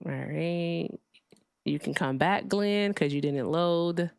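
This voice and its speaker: A woman's voice: on the low side, slow, vocal fry, clean tone, dry recording. A woman hosting a livestream debate, casual, blunt and profane, sounding tired.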